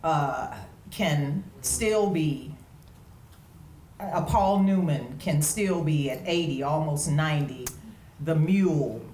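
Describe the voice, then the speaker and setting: A woman's voice: low voice, slow, warm tone. A woman interviewing a guest on stage, with a supportive, affirming manner. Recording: echoey room with faint noise.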